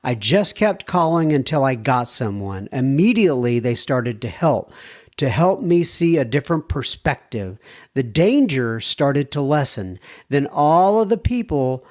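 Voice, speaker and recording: A man's voice: medium pitch, very animated, unhurried. A man with an American accent hosting a podcast, reading listener letters aloud with chuckling asides. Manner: warm, chuckling asides between read passages. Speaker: podcast host.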